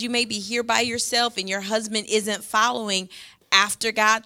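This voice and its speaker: A woman's voice: medium pitch, steady tone, normal speed, bright, forceful tone. A middle-aged woman pastor preaching a sermon in a church, emphatic and passionate, her voice swelling as she makes her points.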